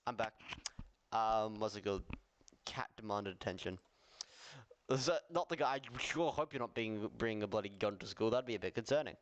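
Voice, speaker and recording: Australian male streamer, lowish smooth voice, chatty reaction commentary. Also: animated, normal speed. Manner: chatty, laughs easily, puzzled asides.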